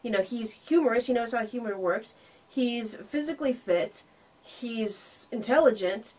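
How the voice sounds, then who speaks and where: A woman's voice: a little high, unhurried, darkish tone. A woman co-hosting a casual film review chat, sardonic and acting out the characters' lines as she recaps.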